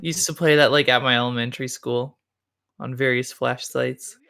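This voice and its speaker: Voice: mid-range voice, fairly even intonation, moderate pace, creaky, fairly bright tone. A commentator from Minnesota, chatting casually and playfully over a speedrun stream. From Minnesota, United States.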